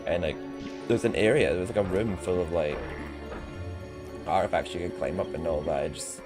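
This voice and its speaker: A man's voice: low voice, brisk. A man streaming casual gameplay commentary, chatty, laughing often and swearing. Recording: game music underneath.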